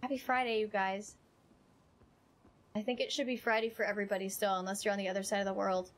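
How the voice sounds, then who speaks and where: A woman live-streaming a video game, chatting with her viewers, rambling and emotional, then excitable during play. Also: medium pitch, fast talker. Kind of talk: live gameplay stream chat. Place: home streaming setup.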